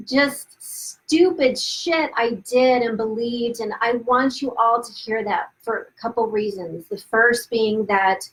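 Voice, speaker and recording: A woman's voice: fairly high pitch, poor audio. A woman hosting a live video stream, telling her own story in a candid, casual way with frequent asides and restarts, laughing at her past. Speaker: host of a live video series. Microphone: webcam or phone, live stream.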